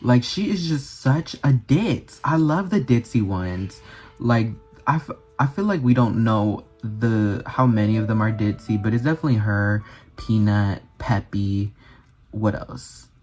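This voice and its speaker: A man's voice: fairly low pitch, measured pace, a little mellow, faint music behind. A man chatting casually in a vlog, gushing and full of fillers. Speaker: vlogger. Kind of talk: casual chat.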